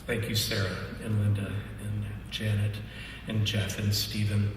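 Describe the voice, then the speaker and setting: A man's voice: on the low side, little pitch movement, measured pace. A man giving a memorial tribute speech, telling a story animatedly and laughing often. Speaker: music industry artist relations rep. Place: memorial gathering in a large hall. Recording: echoey hall from far off, noisy.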